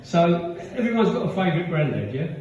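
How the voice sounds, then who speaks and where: Male stand-up, punchy joke delivery, warm low tone, distant dull mic in a big echoey room. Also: big pitch swings, fairly quick. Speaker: stand-up comedian. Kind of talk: live stand-up set. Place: comedy pub venue with live audience. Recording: roomy, distant, dull live recording.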